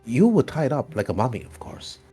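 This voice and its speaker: Young guy gm telling the story, husky voice, pitch all over the place. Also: a little fast, faint music behind. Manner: animated storytelling with frequent restarts. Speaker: game master. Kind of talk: narrating a tabletop game.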